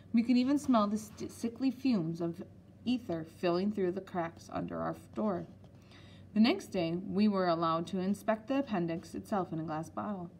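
Woman audiobook reader, relaxed storybook narration. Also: lowish voice, a little hiss or hum. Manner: unhurried reading with small slips.

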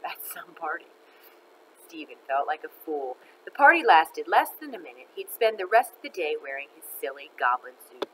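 A woman reading a children's book aloud in an expressive, animated way. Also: deep voice, moderate pace, a little hiss or hum, poor audio. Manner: expressive, animated, laughs between lines. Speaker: storyteller.

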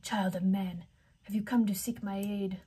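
A woman voicing a cruel, rotting water-horse spirit in a video game, with a low rasping voice. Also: steady tone, moderate pace, warm tone. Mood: solemn, coaxing.

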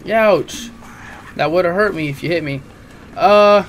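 A young man giving casual, crude, jokey let's play commentary on a horror game, swearing often and reacting loudly. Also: high voice, a little slow, slight background noise. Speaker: gaming channel host.

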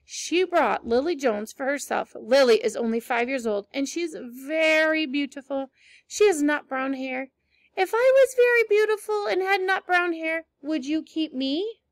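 A woman's voice: high-pitched, unhurried, dry recording. A woman reading aloud voicing a talkative, imaginative eleven-year-old orphan girl with a dramatic, gushing manner. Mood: eager.

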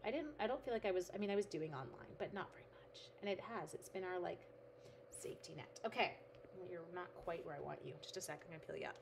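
A woman's voice: fairly low pitch, fast, gravelly, background noise. A middle-aged woman hosting a craft livestream, chatting casually and talking to her materials as she works. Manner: chatty, reads out viewer comments, talks to her materials. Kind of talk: casual chat while making cards.

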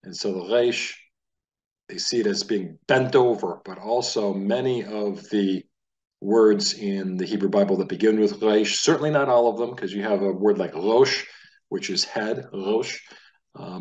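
A man from the United States teaching a casual Hebrew lesson, talking in a relaxed, conversational way and sounding out letters aloud. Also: fairly low pitch, normal speed, distant mic, highs cut off.

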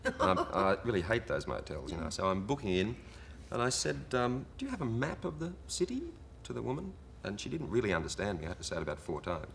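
A man who is a guest on a television talk show, telling a story in a lively way, laughing often and putting on accents. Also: sits low, fast talker, creaky, few pauses, slight background noise. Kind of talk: anecdotal chat show storytelling.

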